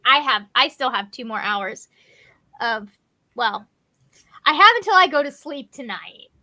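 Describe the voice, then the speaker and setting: High bright-voiced young woman hosting. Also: big pitch swings, a little slow, dry recording. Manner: chatty, self-deprecating, uses lots of "like". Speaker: host. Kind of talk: casual chat on a group call.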